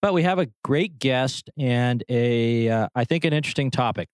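A man hosting a podcast, friendly and a little halting as he introduces his guest. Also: medium pitch, smooth, dry recording. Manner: friendly, slightly halting with fillers and restarts. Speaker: podcast host.

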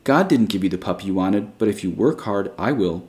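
A man reading a story aloud, voicing a gentle, persuasive female schoolteacher who speaks softly and coaxingly. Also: on the low side, animated, moderate pace, natural voice.

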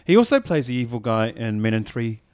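A man's voice: medium pitch, very animated, brisk, clean tone, no room sound. A man co-hosting a radio show in a studio, chatting casually with frequent ums and restarts. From New Zealand. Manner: hesitant, lots of ums and restarts. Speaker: radio co-host.

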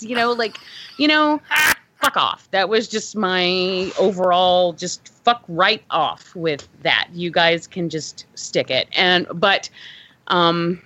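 A woman's voice: medium pitch, animated, unhurried, fairly bright tone. A woman hosting a podcast in casual chat, rambling with many fillers and frequent swearing. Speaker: podcast host. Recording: dull lo-fi dry audio.

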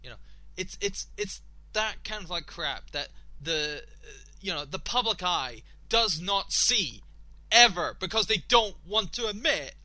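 A man hosting a radio show, ranting and swearing in exasperation, his voice slightly hoarse. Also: high-pitched, lively intonation, measured pace, pushed and bright, dry recording. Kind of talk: casual solo radio talk.

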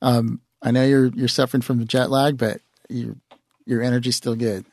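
A man's voice: mid-range voice, level tone, moderate pace, a little mellow, no room sound. A man hosting a podcast in a studio, chatting loosely with his guests and laughing often. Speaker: podcast host. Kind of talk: casual podcast chat.

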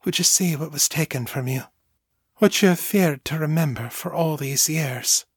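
A man voicing a loving mother who speaks in a soft, lilting, soothing way, a little higher than his own voice. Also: moderate pace, slightly rough, no echo, clean studio sound. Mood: tender. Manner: tender, soothing. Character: gentle loving mother, warm and comforting.

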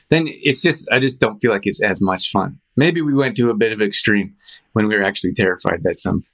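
A man hosting a show, chatting casually in a rambling, animated storytelling way with frequent restarts and fillers. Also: medium pitch, fairly quick. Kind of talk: casual chat.

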